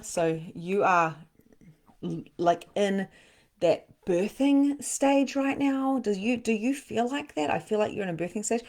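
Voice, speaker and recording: A middle-aged woman hosting a live spiritual session as a medium, chatting casually, laughing often and breaking into sudden excited bursts. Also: mid-range voice. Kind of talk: casual live-stream channeling.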